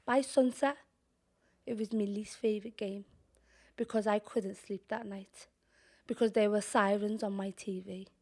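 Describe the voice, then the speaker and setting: A young woman with a Scouse accent performing spoken-word poetry in a measured, deliberate way, sometimes dropping to a whisper. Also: medium pitch, fairly even intonation, dark tone. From Liverpool, England. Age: young adult. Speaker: poet.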